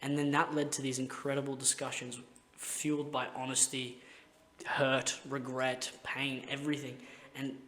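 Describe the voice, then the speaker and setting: A man's voice: mid-range voice, monotone, normal speed, fairly bright tone. A young man hosting a podcast, telling rambling, heartfelt stories in casual chat and swearing constantly. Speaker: podcast host.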